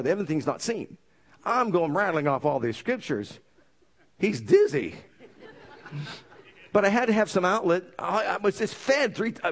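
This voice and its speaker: A man preaching a sermon, telling his story with lively energy and asking the congregation for amens. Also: high voice. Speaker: pastor.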